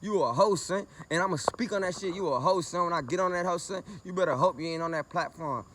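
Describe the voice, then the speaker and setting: A man's voice: sits high, fast, fairly bright tone. A man from Lake Charles, angry and confrontational, ranting profanely to camera. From Lake Charles, Louisiana, US. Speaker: vlogger. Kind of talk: heated rant to camera.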